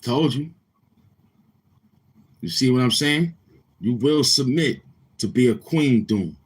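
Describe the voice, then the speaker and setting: A man's voice: mid-range voice, animated, slow, breathy edge. A man hosting a livestream, chatting casually with viewers in a boastful, crude, repetitive manner. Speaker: livestream host.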